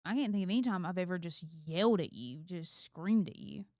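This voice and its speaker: A woman's voice: fairly low pitch, lively intonation, a little fast, mellow, no echo, studio quality. A middle-aged woman co-hosting a casual chat. She speaks emphatically and candidly, reflecting on her own habits. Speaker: co-host, mother of two.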